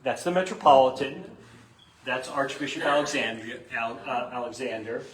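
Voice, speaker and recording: A man's voice: mid-range voice, normal speed. A man, a priest, teaching a parish class in a casual, chatty way, laughing often and telling stories. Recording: echoey room, live stream.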